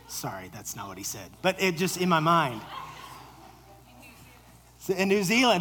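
A man preaching a sermon to a live audience, animated, joking with the crowd and dropping to a whisper for quoted lines. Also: fairly high pitch, normal speed, a little hiss or hum, rough recording. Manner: jokes with the audience. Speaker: pastor.

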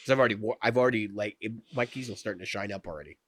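Low-voiced man, dry close sound. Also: racing, no echo. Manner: relaxed, opinionated, steers the discussion. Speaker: podcast co-host. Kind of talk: casual chat.

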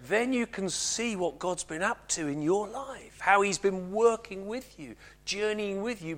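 A man preaching a Christmas sermon at a church service, earnest and often slowing to a near hush. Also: sits high. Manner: earnest, slows and drops to a hush on key lines.

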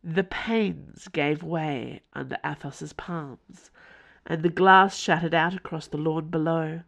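A woman's voice: deep voice, fairly even intonation, slow pace, vocal fry. A woman author from Tasmania, reading her fiction aloud as podcast narrator. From Tasmania, Australia.

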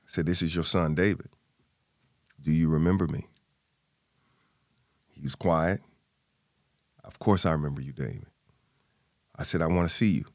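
A man tells a personal family story as a guest in an interview, recorded in clean studio sound with no echo. He's animated, acting out the people he quotes with big jumps in pitch.

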